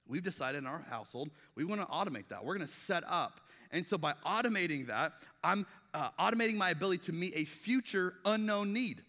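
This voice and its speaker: A man's voice: sits high, expressive, brisk, hardly any pauses, sharp tone. A middle-aged male pastor giving a conversational sermon, often acting out quoted dialogue, with frequent restarts. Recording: long reverb of a large hall.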